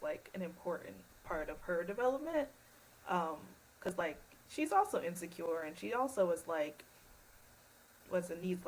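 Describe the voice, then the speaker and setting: Low-pitched enthusiastic woman guest. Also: rough recording. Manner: enthusiastic, casual, frequent fillers. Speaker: podcast guest. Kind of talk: casual podcast chat.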